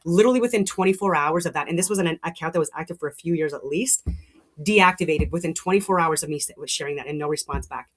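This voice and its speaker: A woman's voice: low voice, quick pace, husky. A middle-aged woman hosting a show, talking in a heated, rambling monologue with frequent restarts and swearing. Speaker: show host. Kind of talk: casual monologue.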